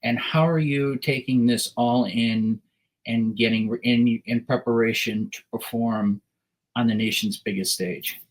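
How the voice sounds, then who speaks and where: A male co-host from Connecticut asks long, winding questions full of fillers. His voice sits at a middle pitch. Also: fairly even intonation, measured pace, low-quality recording. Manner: rambling questions, many fillers. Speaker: podcast co-host.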